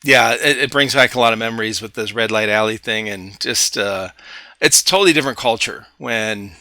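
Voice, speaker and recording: Male podcast co-host, bright voice, dry close mic, halting rambling delivery. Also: fairly low pitch, dry recording. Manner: rambling, halting, many fillers. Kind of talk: casual chat.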